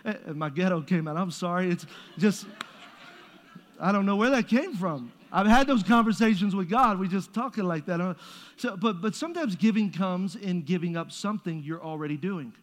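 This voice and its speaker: A man's voice: high-pitched, normal speed. A man preaching a sermon as pastor, conversational and joking, with playful asides to the congregation. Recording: long reverb of a large hall.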